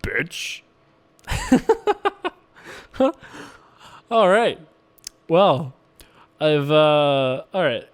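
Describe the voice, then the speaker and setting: A man's voice: on the high side, huge pitch swings, drawn-out words, long pauses. A man casually chatting and joking while he plays online poker, laughing often. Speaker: poker vlogger.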